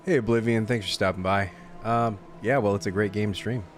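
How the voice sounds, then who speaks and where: A man's voice: fairly low pitch, fairly even intonation, brisk, slight background noise. A male streamer chatting casually, tired and a little loopy late at night, rambling as he plays. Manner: rambling, with lots of fillers and restarts. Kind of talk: casual chat.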